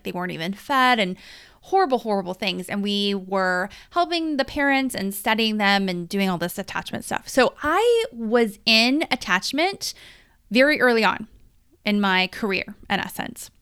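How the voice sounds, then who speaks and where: Candid woman podcast host, smooth voice. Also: medium pitch. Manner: emotional, confessional, lively storytelling. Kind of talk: candid personal monologue.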